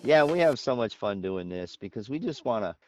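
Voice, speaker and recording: A man's voice: medium pitch, animated, brisk, a little mellow. A man co-hosting a casual chat show, talking at length and laughing often. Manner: chatty, laughs often, wordy. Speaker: podcast co-host.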